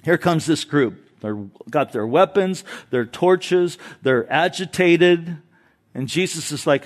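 Pastor guy preaching, fairly high voice, tells the stories casual and lively. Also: takes it slowly. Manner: animated storytelling, paraphrases Bible figures casually. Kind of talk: expository sermon.

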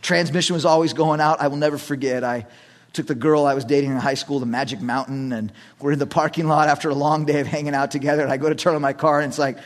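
A middle-aged male pastor preaching a sermon, telling personal stories in an animated way and acting out the voices in them. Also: fairly high pitch, quick pace. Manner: animated storytelling, acts out shouted quotes.

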